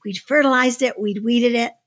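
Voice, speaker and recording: A woman giving a devotional talk, telling a personal story in an expressive, emphatic way. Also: a little high, moderate pace. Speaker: devotional speaker. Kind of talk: sermon storytelling.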